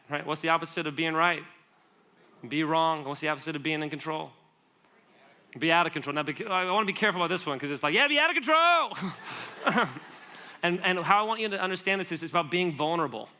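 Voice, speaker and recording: A man gives a church sermon in a lively, conversational way, tossing questions to the audience and spinning stories with quick asides. His voice is bright and pitched a little high. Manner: animated storytelling with quick asides and laughs. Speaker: guest speaker.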